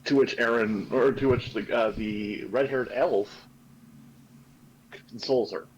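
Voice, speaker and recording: A man's voice: mid-range voice, steady tone, a little slow, breathy edge, muffled recording. A man narrating his characters' actions in a tabletop game, hesitant and full of fillers. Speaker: player.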